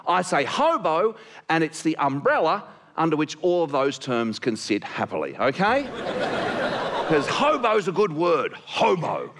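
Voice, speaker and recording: A man doing stand-up, telling his story in a lively, shouty way. His voice is high and gravelly and jumps all over in pitch. The live recording is noisy. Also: unhurried. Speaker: stand-up comedian. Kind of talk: stand-up comedy.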